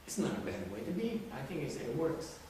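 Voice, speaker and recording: A man's voice: a little high, sing-song, fairly quick, mellow, slight background noise. A man giving an informal talk to a group, conversational and teasing, often restarting his sentences and posing questions to listeners. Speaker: teacher addressing a group. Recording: very echoey room, distant mic.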